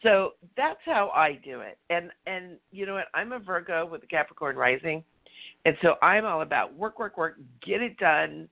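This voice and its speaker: Chatty gravelly woman on a phone line. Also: fairly low pitch, normal speed. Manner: chatty, animated, laughs often. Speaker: radio show co-host, energy healer. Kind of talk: casual storytelling chat. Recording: phone-line call-in audio.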